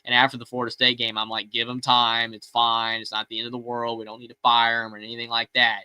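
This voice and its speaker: A man co-hosting a sports call-in show, rambling excitedly and often restarting his sentences. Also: medium pitch, fast, clean tone, dry recording, rough recording. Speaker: co-host of a fan call-in show. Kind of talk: casual sports talk.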